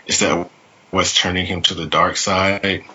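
A man's voice: low-pitched, level tone, measured pace, pushed and bright, slightly rough, dull audio. A man co-hosting a podcast, reading a wry, jokey recap of TV episodes. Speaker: podcast co-host.

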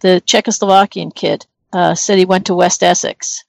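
A woman's voice: fairly low pitch, flat delivery, normal speed, creaky, dry recording. A middle-aged woman from northern New Jersey, chatting casually as a podcast co-host, rambling and thinking aloud with many fillers over a remote call. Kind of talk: casual chat.

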